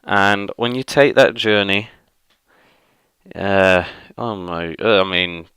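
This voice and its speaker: Man, vlog rant, low smooth voice, dry close mic, rambling and fed up. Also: steady tone, slow, fairly bright tone, dry recording. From northwest England. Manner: grumbling and exasperated, rambling with many fillers. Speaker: vlogger. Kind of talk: casual ranting monologue.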